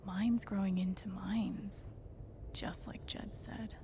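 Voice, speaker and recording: A woman voicing a hurt, determined young woman, speaking her thoughts in a soft breathy whisper as whispered role-play. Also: medium pitch, steady tone, slow. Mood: musing.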